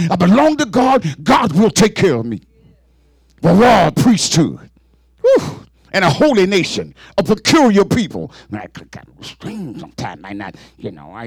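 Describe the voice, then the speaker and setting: A man preaching a fervent sermon in call-and-response style, building up to shouts. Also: fairly high pitch, husky, no echo.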